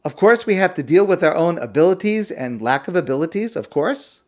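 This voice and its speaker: A man's voice: a little high, big pitch swings, a little fast. A man teaching as a rabbi in a class on the weekly Torah portion, telling stories with self-deprecating humor and asking pointed questions. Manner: asks pointed rhetorical questions.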